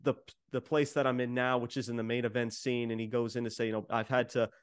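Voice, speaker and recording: Man, podcast co-host, chatty rambling recap full of "you know" and half-acted quotes, mid-pitched voice, dry close sound with no room. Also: little pitch movement, quick pace, clear, resonant tone, no echo. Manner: rambling, many fillers, re-enacting quotes. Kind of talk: casual wrestling show recap.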